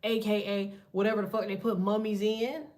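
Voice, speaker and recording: A woman's voice: mid-range voice, level tone, fairly quick, darkish tone. A woman giving a casual tarot reading, talking bluntly with heavy profanity and a preachy edge. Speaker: tarot reader.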